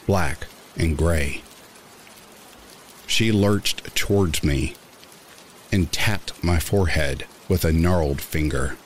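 A man reading a first-person horror story aloud in a measured, somber narration. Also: deep voice, slight background noise. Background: rain sounds.

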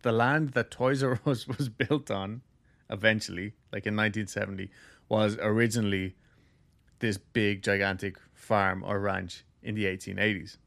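Low-voiced man telling a ghost story. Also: steady tone, moderate pace, creaky, a bit bright. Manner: loose, jokey, heavy use of "like". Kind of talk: casual storytelling chat.

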